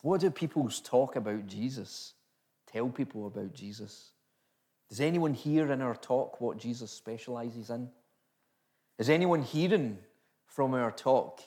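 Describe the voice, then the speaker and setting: A man's voice: mid-range voice, measured pace, darkish tone. A man preaches a sermon in an ordinary mid-range voice. He drives his points home with strings of rhetorical questions, repeating each phrase for emphasis.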